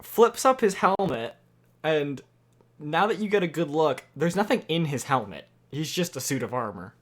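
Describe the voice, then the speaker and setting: Soft-spoken man running a tabletop game. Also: on the high side, expressive, normal speed. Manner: hesitant, many fillers, quietly spoken. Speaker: dungeon master. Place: home room at night.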